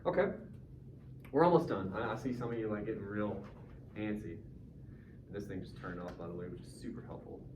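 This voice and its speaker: A man's voice: lowish voice, fairly quick, pauses often. A male teacher leading a casual, joking class discussion and quizzing his students. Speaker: high school English teacher. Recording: roomy classroom from far off, dull, faint noise.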